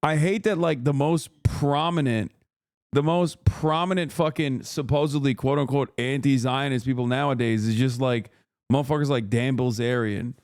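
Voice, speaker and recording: A man's voice: medium pitch, steady tone, normal speed, darkish tone, no room sound, clean studio sound. A man streaming and reacting to clips in a heated, profane rant, laughing now and then between points. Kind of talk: casual reaction commentary.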